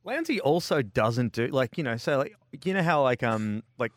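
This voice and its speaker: Aussie co-host, rambly, lots of likes, close dry sound. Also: male voice, medium pitch, expressive, normal speed, no echo. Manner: rambling with many "like" fillers, laughs. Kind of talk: casual chat.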